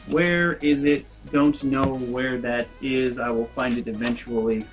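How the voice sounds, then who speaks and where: Man, casual vlog storytelling, animated, rambling asides, faint music behind. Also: medium pitch, measured pace. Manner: animated, acts out quoted voices, rambling asides. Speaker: convention vlogger.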